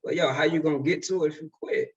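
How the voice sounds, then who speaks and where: A man's voice: a little high, steady tone, fast, slightly rough, distant mic, lo-fi sound. A man in his twenties telling a story in a casual, slangy way as a speaker at a summit. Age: 20s. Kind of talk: motivational talk.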